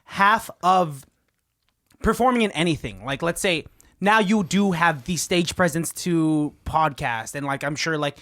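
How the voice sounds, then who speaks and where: A man co-hosting a comedy podcast, relaxed and chatty. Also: fairly high pitch, unhurried. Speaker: podcast co-host. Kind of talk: casual chat.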